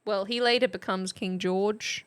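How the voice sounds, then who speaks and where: A woman's voice: mid-range voice, fairly even intonation, a little slow, smooth. An Australian woman streamer giving a casual history lesson, chatty and playful and often laughing.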